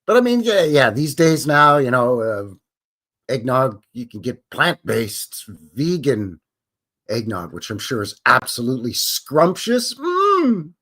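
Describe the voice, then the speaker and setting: A man's voice: mid-range voice, sing-song, unhurried, a bit bright. A man from Canada hosting a casual live stream, rambling and joking with his chat. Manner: rambling, jokey, chuckles to himself. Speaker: livestream host.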